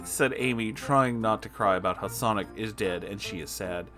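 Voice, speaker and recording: A man's voice: on the low side, normal speed, a bit bright, soft background music. A man giving a comedic reading of a fan fiction story, breaking off for mocking asides. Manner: mocking asides, frequent laughter.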